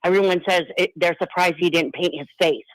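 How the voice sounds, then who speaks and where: A woman's voice: fairly low pitch, fairly even intonation, a little fast, no echo, poor audio. A woman calling in to a talk show, chatting in a rambling way with many restarts and fillers. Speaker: caller. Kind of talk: call-in radio chat.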